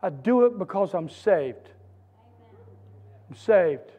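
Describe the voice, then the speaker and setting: A man preaching a sermon as pastor, with a repetitive, building cadence that rises to shouts. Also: high voice, expressive, slow, breathy edge. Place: church sanctuary. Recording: church hall reverb.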